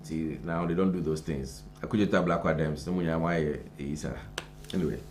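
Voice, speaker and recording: A Ghanaian man with a very low voice co-hosts a morning radio-style show. He reads stories aloud and drifts into easygoing commentary. A faint hum sits under the studio recording. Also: steady tone, brisk, darkish tone. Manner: conversational, reads headlines then adds loose comment. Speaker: morning show co-host reading news. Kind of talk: casual news review chat. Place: broadcast studio.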